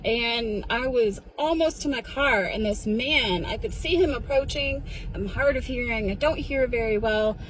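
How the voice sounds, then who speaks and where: A woman tells her story in a blunt, defiant selfie-video rant, swearing freely. A faint background noise sits under her fairly high voice. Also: unhurried, few pauses, rough recording. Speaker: social media video poster.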